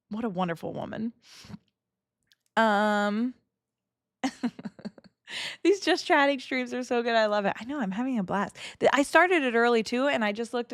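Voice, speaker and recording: A woman in her thirties chatting casually on a livestream, excitable and emotional, swearing freely and laughing often. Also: mid-range voice, no echo, clean studio sound. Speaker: streamer.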